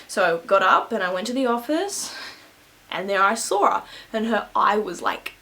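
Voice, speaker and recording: A woman's voice: mid-range voice, sing-song, normal speed, sharp tone, poor audio. Chatty young woman telling a storytime. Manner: rambling, laughs often, lots of fillers. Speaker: beauty vlogger. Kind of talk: casual storytime.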